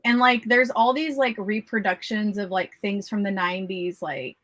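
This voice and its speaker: A woman's voice: medium pitch, moderate pace, fairly bright tone, no room sound. A woman in her thirties hosting a casual writing livestream, chatty and nostalgic, laughing often. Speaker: livestream host.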